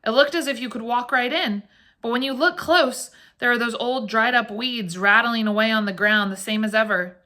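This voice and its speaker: A woman's voice: on the high side, normal speed, bright, forceful tone. A woman voicing a pale teenage son who talks shakily while trying to sound unconcerned. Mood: shaken. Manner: shaky, trying to sound offhand. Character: shaken teenage son faking calm.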